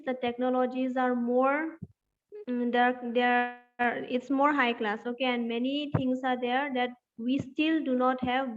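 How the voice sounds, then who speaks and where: A woman teacher lectures a class in a high voice, pausing to dictate notes and spell each word out letter by letter. The recording sounds dull and lo-fi, like it was taken in a classroom. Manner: asks the class questions. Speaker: health teacher.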